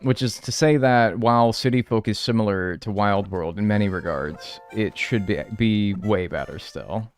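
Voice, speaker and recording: A man's voice: on the low side, moderate pace, few pauses, soft background music. A man casually chatting with viewers during a live game stream, rambling and wry as he thanks people by name. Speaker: gaming livestreamer. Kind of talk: casual live-stream chat while playing.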